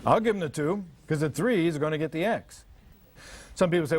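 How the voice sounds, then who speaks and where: An older man delivers a live parenting seminar, his voice a little high with lively intonation and a fairly quick pace. He's humorous, spinning stories and acting out both parents and kids, while slight background noise can be heard.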